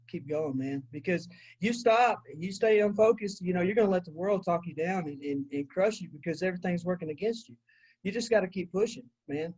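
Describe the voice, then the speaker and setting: A man's voice: high voice, darkish tone, low-quality recording. A man in his twenties, a podcast guest, talking earnestly and motivationally and calling the host "man" a lot. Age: 20s. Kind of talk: casual interview chat.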